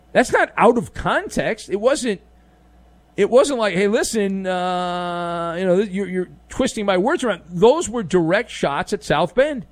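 A man's voice: high voice, no room sound. A man hosting a sports talk show, delivering sarcastic, mocking commentary.

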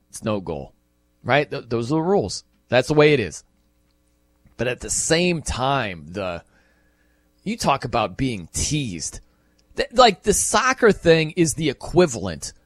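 A man hosting a sports radio show, talking casually and acting out quoted reactions with sudden jumps in pitch. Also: no echo. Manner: animated, acts out quoted reactions in bursts. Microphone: studio microphone.

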